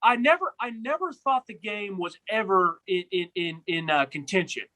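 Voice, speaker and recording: A man's voice: sits high, expressive, moderate pace, pushed and bright, rough recording. A young man co-hosting a casual sports podcast, rambling with many restarts and repeated words. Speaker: podcast co-host.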